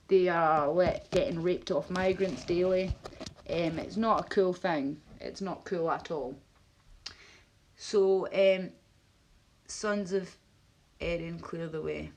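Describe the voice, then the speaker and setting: A Scottish woman on a live stream, rambling bluntly between topics and swearing often. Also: lowish voice.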